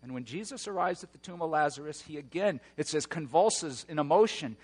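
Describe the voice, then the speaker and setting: A man preaching a sermon, moving between hushed, slow passages and loud, roaring emphasis. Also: a little high, lively intonation, breathy edge, long reverb tail. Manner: dynamic preaching, swings from hushed to shouting. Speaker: pastor.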